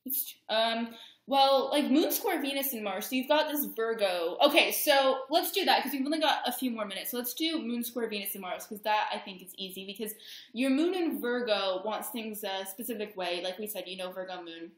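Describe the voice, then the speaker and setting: A young woman with a fairly high voice chats about astrology in a loose, giggly way. She slips into playful voices as she jokes. The sound carries the echo of a bare room. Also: normal speed. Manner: giggly, acts out voices with a laugh. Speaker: astrology podcast co-host. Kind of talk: casual chat, joking chart reading.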